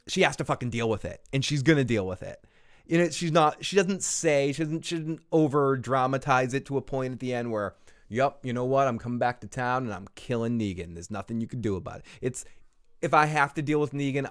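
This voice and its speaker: A man's voice: medium pitch, clear, resonant tone. A man hosting a casual live review show, rambling and swearing, laughing between points. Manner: rambling, profane, laughs often. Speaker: show host. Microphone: small recorder on the desk.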